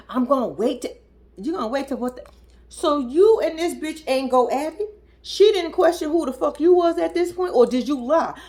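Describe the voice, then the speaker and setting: A young woman talks straight to her audience in a loose, profane rant, sounding incredulous and animated. Her voice sits a little high, and she jumps up into squeaky mimicry whenever she imitates someone. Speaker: reality TV commentator. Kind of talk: casual reaction commentary.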